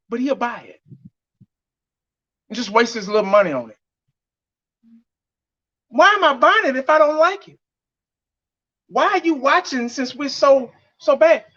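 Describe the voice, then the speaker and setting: On his vlog, a man offers blunt, heated fan commentary, laughing mockingly as he rants. His voice is very high and a bit bright, and the lo-fi audio sounds dull.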